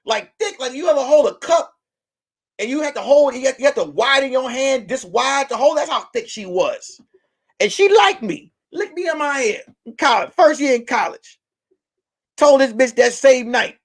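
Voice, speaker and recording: A male comedian tells a rambling, profane story in a high voice that keeps leaping up and down. He breaks into sudden loud bursts between quicker asides. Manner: animated, with sudden loud outbursts. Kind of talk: stand-up storytelling.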